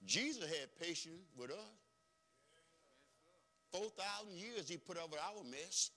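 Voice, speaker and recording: A man preaching a folksy, emphatic sermon as pastor, swinging between soft and loud. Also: sits high, lively intonation, a little slow, creaky. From rural background.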